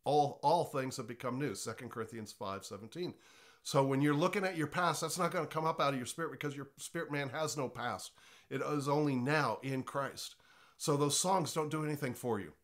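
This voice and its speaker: A man in the middle of the usual pitch range gives an informal teaching, his voice a little congested. He talks conversationally and earnestly, restarting words as he goes. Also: fairly quick, a bit bright. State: slightly congested voice. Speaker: pastor teaching on worship.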